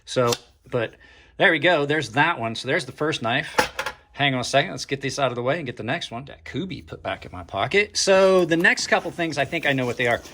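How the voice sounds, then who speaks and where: With a little hiss or hum behind him, a male knife reviewer talks viewers through a casual unboxing, his medium-pitched voice animated, fairly quick, and sharp in tone. He thinks out loud as he opens packages, trailing off and slipping in dry, sarcastic comments.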